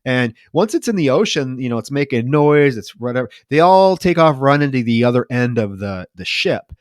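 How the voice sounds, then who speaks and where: A man co-hosting a podcast, casually retelling a film scene with many fillers and animated asides. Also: medium pitch, moderate pace, no echo, clean studio sound. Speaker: podcast co-host. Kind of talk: casual chat recapping a film.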